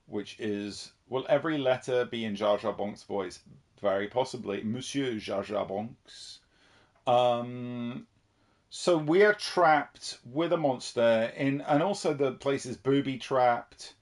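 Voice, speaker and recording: A man from the United Kingdom chatting casually while streaming a horror game and reading viewer messages. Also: medium pitch. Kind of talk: casual livestream commentary.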